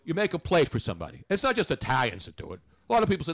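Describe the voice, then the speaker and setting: Chatty guy hosting sports radio, kinda high voice, rambles on. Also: wildly swooping pitch, rapid-fire, creaky, a bit bright. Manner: rambling, chatty, talks over others. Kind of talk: casual radio talk.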